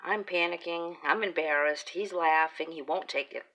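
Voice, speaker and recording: A middle-aged woman chatting and telling family stories while crafting, laughing often and dropping into breathy whispered asides. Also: low-pitched, moderate pace, pushed and bright, rough recording. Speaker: craft vlogger. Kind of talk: casual storytelling while crafting.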